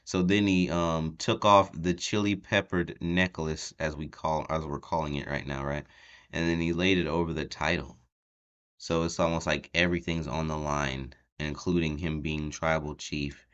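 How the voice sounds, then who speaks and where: A man's voice: very deep voice, fairly even intonation, normal speed, a bit bright, smooth, dull audio. A man talking casually as he recaps a wrestling show, rambling with lots of ums and breaking into laughs.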